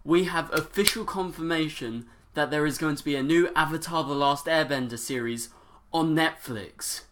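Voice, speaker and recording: A man's voice: a little high, moderate pace, background noise. Overexcited teenage boy vlogger. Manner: breathless, gushing, overexcited. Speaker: YouTuber. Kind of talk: excited reaction vlog.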